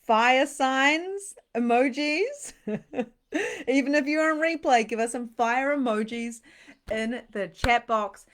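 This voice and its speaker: A woman spiritual coach hosting a livestream, chatty and bubbly, reading comments and pitching her program, sometimes dropping to a hushed near-whisper. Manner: bubbly, chatty, reads comments aloud, quick laughs. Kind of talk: live-streamed sales pitch and chat.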